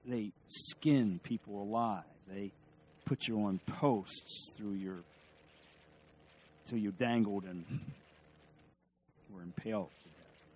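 A man preaching a sermon as pastor, telling stories and asking the congregation questions, moving between soft, quiet passages and loud emphatic ones. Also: fairly low pitch, slight background noise. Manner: storytelling, swings from hushed to emphatic, asks the audience questions.

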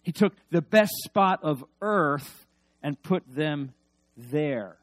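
A male preacher giving a sermon, swinging between loud emphasis and hushed asides and leading the congregation in call-and-response. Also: on the high side, lively intonation, takes it slowly, dry recording.

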